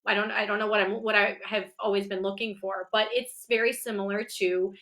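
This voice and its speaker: Bright, mid-pitched woman guest; earnest and thoughtful, restarts sentences. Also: little pitch movement, brisk. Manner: reflective, self-correcting, earnest. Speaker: guest, business owner and coach. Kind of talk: casual livestream chat.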